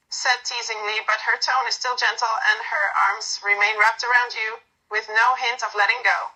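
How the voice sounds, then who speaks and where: A woman narrating a second-person romantic story in a soft, unhurried reading with small slips. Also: on the high side, steady tone, poor audio.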